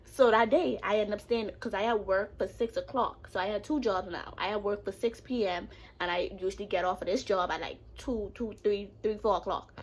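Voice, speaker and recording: A young woman telling a casual storytime vlog, animated and sassy, swearing freely and talking back to a friend off camera. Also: medium pitch, fairly quick, slightly rough.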